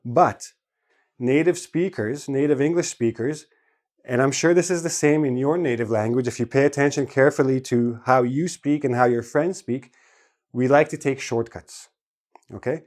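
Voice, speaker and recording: Canadian man teaching, slow and clearly enunciated. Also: mid-range voice, a little mellow. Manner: slow, carefully enunciated, stresses each syllable. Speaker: English teacher. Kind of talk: scripted lesson to camera.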